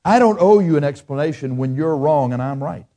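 A man's voice: lively intonation, a little fast, dark tone. Blunt, emphatic preacher man. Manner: blunt, emphatic, acts out excuses in a higher whiny voice. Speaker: pastor. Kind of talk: sermon.

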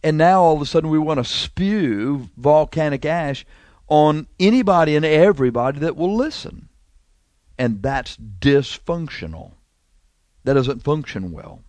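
A man preaching a sermon, animated, pressing rhetorical questions and drawing phrases out slowly for emphasis. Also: on the high side, dry recording.

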